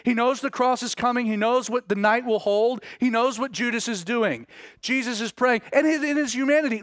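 A man's voice: very high-pitched, a little fast, a bit bright, no echo, clean studio sound. A man preaching a sermon, retelling scripture as a story and acting out the quoted speech with many restarts. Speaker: pastor.

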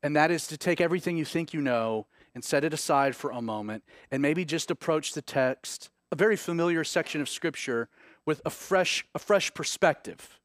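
A man preaching a sermon, reading scripture aloud and then commenting on it with rising, animated emphasis. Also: on the high side, brisk, hardly any pauses, no echo, clean studio sound. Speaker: pastor. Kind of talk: sermon, Bible teaching.

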